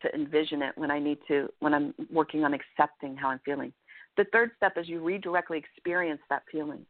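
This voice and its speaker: A woman life coach giving earnest, animated advice as a guest in an interview, often checking in with "right?". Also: deep voice, quick pace, no echo. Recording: dry, tinny phone-line sound.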